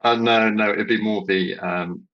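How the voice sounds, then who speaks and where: A man from Britain, a podcast guest, talking in a hesitant casual way with many pauses and restarts. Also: on the low side, fairly even intonation, lo-fi sound. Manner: hesitant, lots of ums and restarts. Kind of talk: casual chat.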